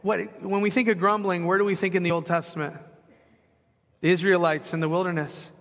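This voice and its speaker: A man's voice: high voice, little pitch movement, fairly quick, fairly bright tone. A middle-aged man, a pastor, preaching a sermon in a conversational way and putting questions to the congregation. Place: church sanctuary. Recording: long hall reverb.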